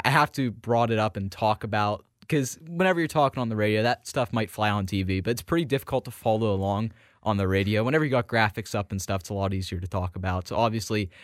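A young man co-hosting a sports radio show, rambling quickly in casual chat in a studio. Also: lowish voice, no echo. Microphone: studio microphone.

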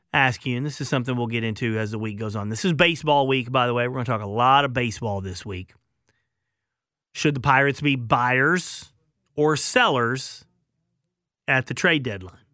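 A male sports talk host with a bright, forceful tone and a mid-range pitch. He sounds opinionated and emphatic, punching key words and letting phrases sink quietly at the end. The sound is dry and close. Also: dry recording.

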